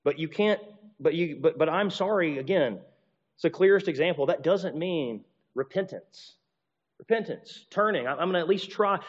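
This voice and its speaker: A man's voice: a little high, lively intonation, normal speed. A man preaching a sermon, talking animatedly with frequent restarts and repeated words, acting out apologies in shifting voices. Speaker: pastor or teacher. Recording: dull recording with long reverb.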